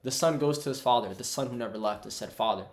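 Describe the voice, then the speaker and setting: A man's voice: mid-range voice, fast, roomy sound. A man giving a casual, conversational Bible teaching online and calling his viewers "bro". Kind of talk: casual preaching to camera.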